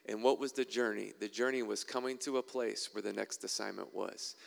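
A man's voice: lowish voice, fairly even intonation, brisk, vocal fry, long reverb tail. A man preaching a sermon and reading scripture aloud, conversational with wry asides.

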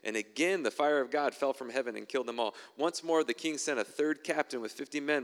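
A man's voice: mid-range voice, fairly quick, hardly any pauses, smooth, long reverb tail. A man preaching a sermon and reading scripture aloud, conversational with wry asides.

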